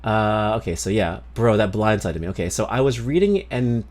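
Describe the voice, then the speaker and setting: A man's voice: on the low side, animated, normal speed, a little mellow. Rambling, swearing male streamer. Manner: rambling, swears freely, chats with viewers. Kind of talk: casual livestream chat.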